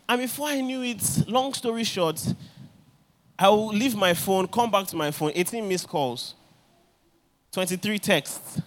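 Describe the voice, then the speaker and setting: A man preaching in a fairly high voice. He tells his stories with animation and slips into the voices of the people he quotes. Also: expressive, moderate pace. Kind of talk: sermon.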